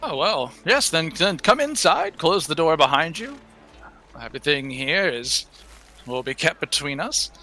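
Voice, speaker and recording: A man voicing an elderly, gentle and worried temple priest who talks haltingly, with many restarts and sighs. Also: on the high side, sing-song, faint music behind, heavily acted. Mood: fatherly, concerned. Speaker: game master. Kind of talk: in-character tabletop roleplay.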